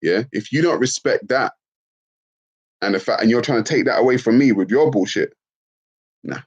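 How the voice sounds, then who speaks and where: A man's voice: medium pitch, moderate pace, breathy edge, lo-fi sound. A man with children, talking bluntly and profanely on a casual livestream, answering chat comments. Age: adult with children. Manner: blunt, profane, animated, laughs often.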